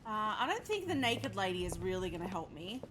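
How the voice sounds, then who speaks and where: A woman's voice: mid-range voice, sing-song, fairly quick, background noise. A woman streaming a video game live, chatting and joking with her viewers, swearing freely as she plays. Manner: chatty, joking and profane, talks to chat. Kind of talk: live gameplay commentary. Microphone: webcam setup. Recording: game music playing behind.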